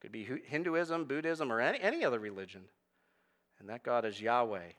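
A man's voice: medium pitch, a little fast, a bit bright. A male pastor preaching a sermon, building to emphatic peaks as he reads and explains scripture.

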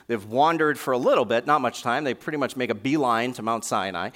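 A man pastor preaching a sermon, reading scripture aloud and slowing down to stress key lines. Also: medium pitch, fairly bright tone. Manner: preaching with dramatic slow emphasis on scripture lines. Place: warm church sanctuary.

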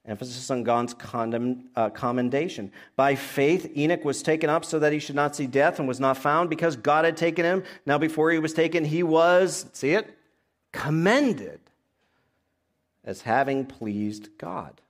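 A man, a pastor, preaching a sermon, reading scripture passages aloud and explaining them verse by verse. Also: fairly high pitch.

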